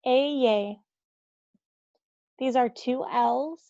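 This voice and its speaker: A woman teaching the Spanish alphabet, saying each word slowly and repeating it for learners. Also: on the high side, fairly even intonation, darkish tone, dry recording. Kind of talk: slow alphabet pronunciation lesson. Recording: dull lo-fi dry audio.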